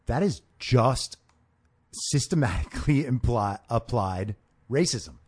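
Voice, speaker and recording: A man's voice: mid-range voice, expressive, takes it slowly, a little mellow, breathy edge. A man hosting a casual podcast conversation, making emphatic points and agreeing with his guest. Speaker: podcast host. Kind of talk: casual chat.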